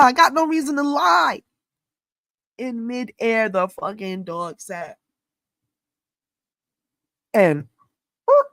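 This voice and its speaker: A middle-aged woman from New York State, hosting an astrology channel and telling a story in a casual, animated, profane and slangy way. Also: on the high side, no echo.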